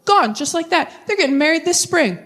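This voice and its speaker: A woman in her thirties performing a stand-up comedy set, animated and jumping into high, exaggerated voices for the people she quotes. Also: brisk.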